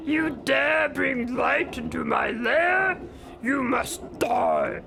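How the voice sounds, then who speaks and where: A woman voicing a menacing male demon king villain from a game, delivering slow booming threats. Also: creaky, background noise, exaggerated voice.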